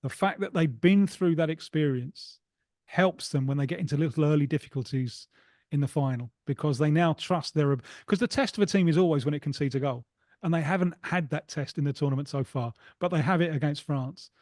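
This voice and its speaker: A man discussing football history on a podcast, his voice sitting a little higher than most. He is thoughtful and restarts his phrases as he reasons aloud. The recording is close and dry. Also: fairly quick, darkish tone, dry recording. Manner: thoughtful, repeats words while thinking. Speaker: football analyst. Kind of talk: podcast conversation.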